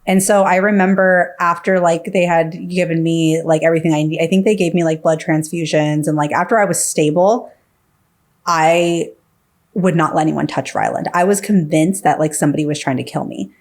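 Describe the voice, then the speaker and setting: A woman's voice: sits low, fairly even intonation, moderate pace. A woman guest on a podcast, telling her story casually, full of fillers and acting out what others said. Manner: filler-heavy, acts out quoted dialogue.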